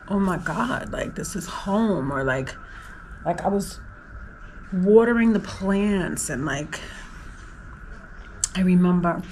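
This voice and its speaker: A woman's voice: fairly low pitch, animated, slow, long pauses, darkish tone, slight background noise, rough recording. Chatty New woman vlogger. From New York, USA. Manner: emotional, rambling, lots of "like" fillers. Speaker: travel vlogger. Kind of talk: casual personal vlog.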